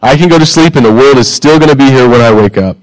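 A man's voice: mid-range voice, dry recording, poor audio. Dry-sounding male pastor preaching. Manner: conversational preaching with rhetorical questions and pauses. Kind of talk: sermon.

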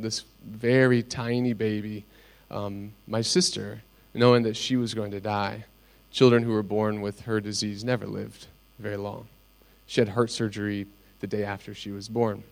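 A middle-aged man preaching a sermon, speaking earnestly and telling personal stories with pauses. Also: fairly low pitch. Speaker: pastor.

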